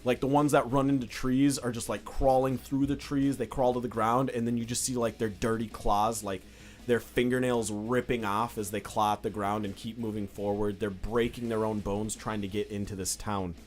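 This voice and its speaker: A man's voice: fairly low pitch, little pitch movement, normal speed. A young man narrating as game master in a loose, casual way, with lots of fillers. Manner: loose, filler-heavy describing with many "like"s.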